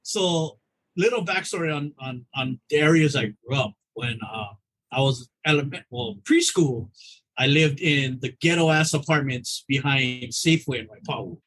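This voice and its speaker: A man from Oahu, telling stories as a podcast guest in a casual, profane, animated way. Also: medium pitch, normal speed, poor audio. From Oahu, Hawaii. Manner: animated storyteller, profane, acts out dialogue. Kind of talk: casual chat.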